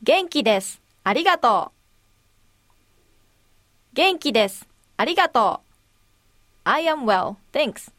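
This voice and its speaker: Woman, pronunciation model, very slow, carefully articulated, dry close sound. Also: high-pitched, sing-song, fairly bright tone, no echo. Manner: deliberate, clearly articulated. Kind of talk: slow, careful demonstration phrases.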